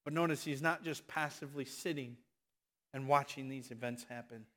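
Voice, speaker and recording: A man preaching a sermon, moving between loud, impassioned exhortation and hushed, quiet asides. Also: mid-range voice, moderate pace.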